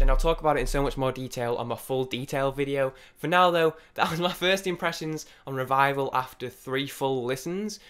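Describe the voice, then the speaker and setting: A young man giving rambling, excitable off-the-cuff first impressions of an album, with many restarts and some swearing. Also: medium pitch, clear, resonant tone. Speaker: music reviewer.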